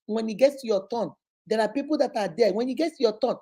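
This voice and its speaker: Middle-aged Nigerian woman vlogger, fairly high, warm voice, preachy advice chat. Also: fast talker. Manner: chatty, preachy, drops into pidgin and Igbo words. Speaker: vlogger giving relationship advice. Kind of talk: casual advice talk to followers.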